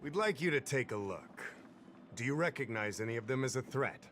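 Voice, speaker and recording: A man's voice: mid-range voice, lively intonation, brisk, fairly bright tone, slight background noise, lightly acted. A man voicing a polite, formal official in a game who greets and briefs investigators. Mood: courteous. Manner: courteous and formal. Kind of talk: game voice acting. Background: game music.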